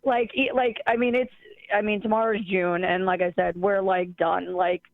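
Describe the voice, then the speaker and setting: A man's voice: high voice, flat delivery, moderate pace, vocal fry, no room sound. A man who is a schoolteacher calling into a talk show, venting in an exasperated way with lots of "like" fillers. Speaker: caller, schoolteacher. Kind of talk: casual phone call-in chat. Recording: tinny phone line.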